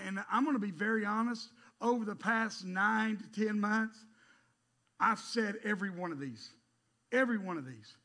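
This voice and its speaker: A middle-aged male pastor preaching a sermon in an animated way, swinging from loud emphatic bursts to hushed asides. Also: high voice.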